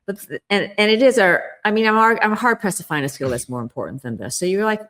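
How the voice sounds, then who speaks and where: A woman's voice: mid-range voice, lively intonation, fast talker, few pauses, fairly bright tone. A middle-aged woman guest on a podcast interview, explaining a communication skill in an earnest, emphatic way and acting out quoted inner voices.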